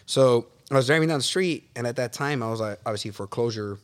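A man telling stories from his life as a guest in a casual interview. He is animated, swears often and calls the listener bro and dude. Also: medium pitch, fast. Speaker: podcast guest. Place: real estate office.

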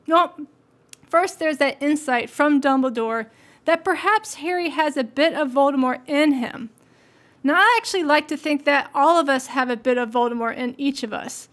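A woman's voice: sits high, moderate pace, fairly bright tone. A woman hosting a solo podcast, talking in an earnest, reflective, motivational way. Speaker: podcast host.

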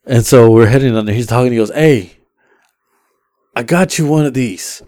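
A man's voice: mid-range voice, moderate pace, no room sound, clean studio sound. Profane man telling a story casually. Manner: animated, profane, acts out other people's lines. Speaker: podcast host.

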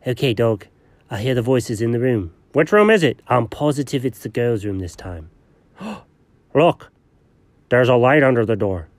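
A man voicing a low, self-important male pet character who talks slowly and grandly. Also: animated, no room sound, natural voice. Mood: hushed.

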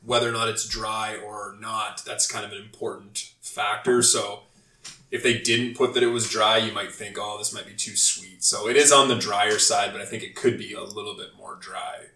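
A man's voice: on the low side, moderate pace, slight background noise. A man hosting a podcast, chatting casually and talking through his opinions with hedges. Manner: relaxed, rambling opinions with hedges. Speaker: podcast host. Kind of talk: casual chat. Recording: roomy echo, distant from mic.

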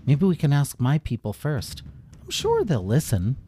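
A man voicing a brave, practical young girl who speaks in a brisk, sensible way. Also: fairly high pitch, wildly swooping pitch, dark tone, breathy edge, pitched above the performer's own voice, heavily acted.

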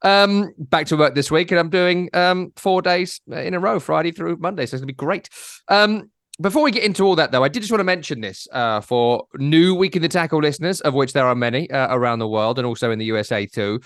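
A man's voice: on the high side, brisk, a bit bright, no echo, clean studio sound. A man hosting a podcast, rambling and teasing his co-host in casual chat.

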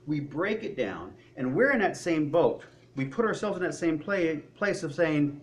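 A man's voice: fairly high pitch, sing-song, normal speed, few pauses. A man preaching a sermon, acting out the voices of worried people and of God as he goes.

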